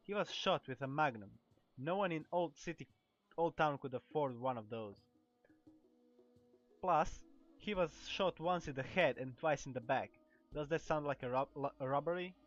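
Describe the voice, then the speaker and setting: A gossipy, talkative female weapon dealer from a video game, voiced by a man with a Croatian accent. She rambles and trips over words, in a middle-pitched voice. The recording sounds dull, with faint game music underneath. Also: lightly acted. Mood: wary. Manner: reads lines aloud with stumbles and restarts.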